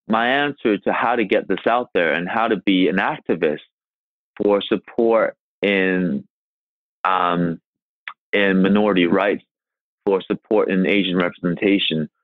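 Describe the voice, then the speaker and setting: Man from China, podcast guest, earnest and emphatic, lowish voice over a thin phone-like call. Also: no room sound. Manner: earnest, emphatic, rhetorical questions. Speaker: guest actor. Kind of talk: podcast interview. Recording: tinny phone-like remote line.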